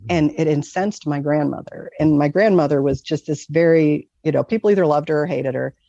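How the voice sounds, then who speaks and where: A middle-aged woman from Michigan recounts a personal experience in a casual, earnest, rambling way, full of fillers. Her voice has a gravelly edge. The recording is dry and a little dull. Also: deep voice, a little fast, mellow, dry recording. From Michigan, USA. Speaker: guest telling a near-death story.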